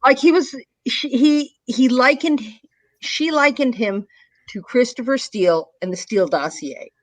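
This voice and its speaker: A woman in casual political chat, retelling a TV exchange in an animated way and acting out the quotes. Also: sits high, a little slow, no room sound. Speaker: show panelist.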